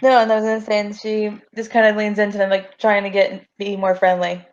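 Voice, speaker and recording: A woman's voice: mid-range voice, flat delivery, a little fast. A woman player in a tabletop game, casually narrating what her character does. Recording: dull lo-fi recording.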